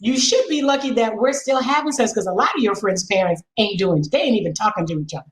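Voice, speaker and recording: A middle-aged woman speaking as a podcast guest and sex educator, frank and animated, coaching listeners with a string of rhetorical questions. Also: mid-range voice, fast talker, echoey room, low-quality recording. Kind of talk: podcast conversation.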